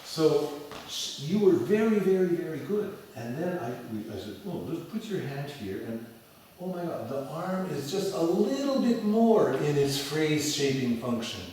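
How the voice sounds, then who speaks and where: Animated male piano teacher in echoey hall. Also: fairly high pitch, measured pace, recorded from a distance, slight background noise. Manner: animated, sings phrases as "da da da". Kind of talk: lecture and demo lesson. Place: large echoey hall with an audience. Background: piano playing.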